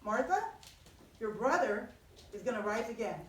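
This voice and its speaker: A woman putting on a calm, gentle grown man who teaches, his voice dropped low and hushed. He speaks slowly and solemnly, heard from a distance in an echoey room. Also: a little hiss or hum.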